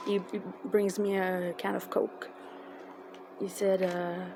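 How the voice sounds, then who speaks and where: A woman with a tells an emotional personal story in a halting, casual way, with many fillers and restarts. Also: medium pitch, little pitch movement. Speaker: fan telling a personal story. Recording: noisy background.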